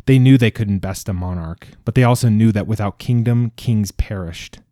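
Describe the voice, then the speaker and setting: A male narrator reads a fantasy tale with measured, dramatic pacing. His voice is low and mellow, captured on a close, dry studio mic. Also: no echo. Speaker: audiobook narrator.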